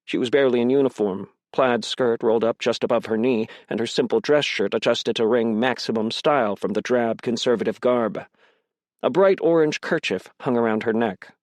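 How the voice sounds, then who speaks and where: A man reading a crime mystery audiobook in first person, with a measured, tense delivery. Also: medium pitch, darkish tone, no room sound. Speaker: audiobook narrator.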